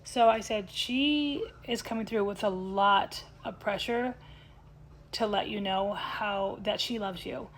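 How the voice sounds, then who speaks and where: A woman speaking as a psychic medium, telling a personal story in a chatty vlog style and often dropping to a hushed tone when she quotes what was said. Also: medium pitch, slow. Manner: chatty, recounts dialogue, drops to a hushed tone when quoting.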